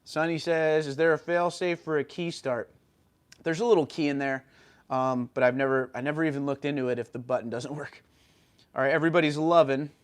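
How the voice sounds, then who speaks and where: A man's voice: a little high, steady tone, brisk, clean tone. Upbeat man reading viewer comments. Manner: upbeat, reads out comments and answers them. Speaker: livestream host. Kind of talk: casual livestream chat reading viewer comments.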